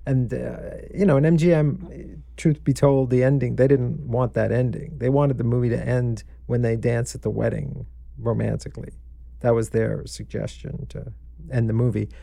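A man who produces films recalls past productions in an easygoing, conversational way with quick asides. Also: mid-range voice, fairly even intonation, creaky, dark tone, no echo. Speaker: film producer. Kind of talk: casual conversation about filmmaking.

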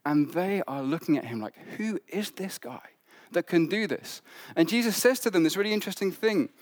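A man's voice: sits high, animated, normal speed. Conversational man preaching. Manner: conversational storytelling with asides and fillers. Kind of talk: sermon.

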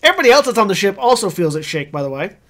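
A man with a high voice runs a tabletop game, narrating what the players see. He keeps it dry and wry. His asides land lightly between scene descriptions. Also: big pitch swings, racing, a bit bright. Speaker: game master.

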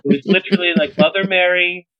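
A middle-aged man, a publicist, telling lively anecdotes in an interview and acting out the lines he quotes. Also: high-pitched, fast talker, crowd noise. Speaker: publicist guest. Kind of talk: storytelling interview. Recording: tinny phone-like line, dry.

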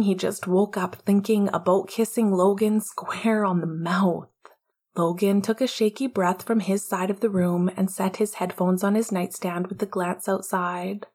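A woman narrating an audiobook in a hushed, intimate way, often half-whispering. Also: mid-range voice, fairly even intonation, unhurried, husky.

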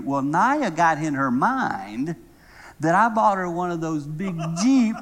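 A middle-aged man preaching a sermon, telling a humorous story in a lively way and then praying softly. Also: slow pace. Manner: lively, humorous storyteller who drops to a soft, low tone to pray. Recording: long reverb of a large hall.

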